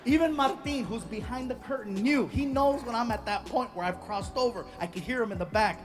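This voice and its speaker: Brief: man in his forties, stand-up comic on a big stage, lively storyteller, clear music underneath. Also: high voice, fairly quick, hardly any pauses. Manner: animated, shouts the punchlines in voices. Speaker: stand-up comedian. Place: stage before a large audience.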